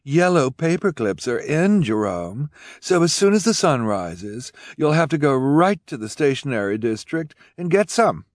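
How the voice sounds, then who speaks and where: A man's voice: medium pitch, big pitch swings, unhurried, hardly any pauses, dry recording, studio quality, pitched above the performer's own voice. A man voicing a vain, fashion-obsessed rich woman in an audiobook, with a drawling, affected manner. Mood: airy, vain.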